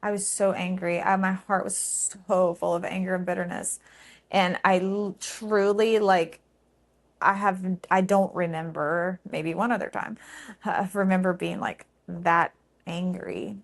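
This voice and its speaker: A woman's voice: fairly low pitch, fairly even intonation, vocal fry. Woman telling a painful memory. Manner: emotional, halting, many fillers. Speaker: storyteller. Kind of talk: personal storytelling.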